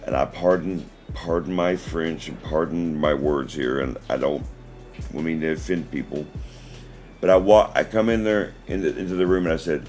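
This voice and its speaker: Guy in his 40s, real low voice, swings up and down a lot, rambles, faint music behind. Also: expressive, normal speed, vocal fry, darkish tone. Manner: rambling storytelling with many restarts. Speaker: livestream host. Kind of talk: casual livestream chat.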